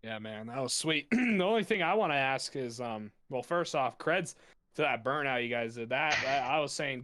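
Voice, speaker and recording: A man's voice: medium pitch, animated, normal speed, sharp tone. A young man co-commentating, asking the race winner enthusiastic, wordy questions. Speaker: booth co-commentator. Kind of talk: post-race interview questions.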